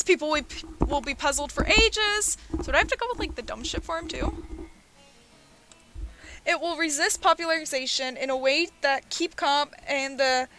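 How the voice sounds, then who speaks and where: Bright-voiced young woman streamer reading a game. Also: high-pitched. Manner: playful, reads character lines in her own voice, laughs and swears. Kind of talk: reading a dating game aloud with commentary.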